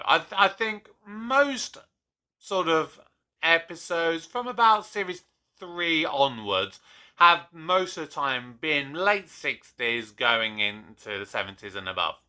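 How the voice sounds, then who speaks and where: A man's voice: fairly high pitch, lively intonation, takes it slowly, bright, forceful tone, clear, resonant tone. A young man hosting his own channel, giving an opinionated, casual review monologue with frequent restarts. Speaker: YouTube reviewer.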